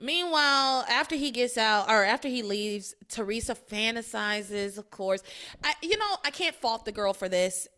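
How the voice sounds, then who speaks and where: A woman hosting a podcast, casually recapping a story and acting out characters' lines in a lively way. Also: fairly high pitch, normal speed. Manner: animated, acts out characters' lines in quoted voices. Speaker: podcast host.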